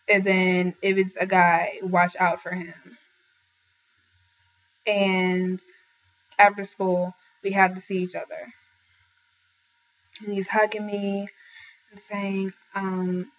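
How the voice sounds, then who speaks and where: A young woman tells her own story to the camera in a casual, earnest way. She often stops to give viewers direct advice, with many fillers and restarts. Her voice sits at a middle pitch, and the recording sounds dull and lo-fi. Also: level tone, slow, long pauses. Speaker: vlogger sharing a personal testimony.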